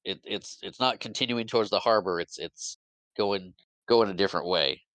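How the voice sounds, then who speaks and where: A man on a podcast giving an animated, casual recap of a movie plot, jumping into quick character voices between fillers and restarts. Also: lowish voice, no echo. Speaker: podcast co-host.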